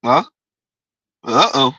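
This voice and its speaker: A man with a bright, sharp voice that carries a husky edge. He hosts a commentary show and drops teasing, sardonic asides between clips. The sound is close and dry. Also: mid-range voice, expressive, drawn-out words, no echo, highs cut off. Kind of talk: reacting to clips.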